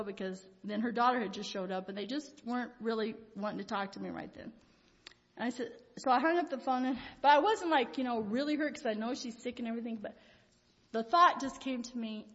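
A woman's voice: on the high side, expressive, fairly quick. An older woman giving an informal Christian devotional talk, telling rambling, folksy personal stories with frequent chuckles. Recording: reverberant hall, dull lo-fi sound.

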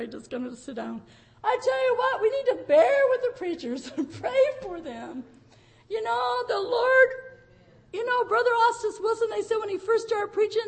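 High-voiced older woman preaching emotionally. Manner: emotional, tearful, laughing through stories. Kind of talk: pentecostal sermon.

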